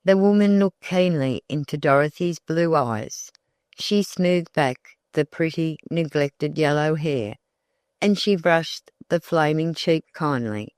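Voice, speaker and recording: An audiobook narrator reading a classic novel in a measured, deliberate way on a close mic. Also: mid-range voice, darkish tone, clear, resonant tone, no echo.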